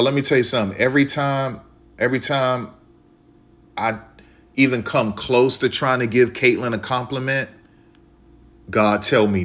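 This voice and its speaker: A man from Chicago streaming live, talking casually and repetitively to his viewers, with a preachy way of speaking. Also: lowish voice.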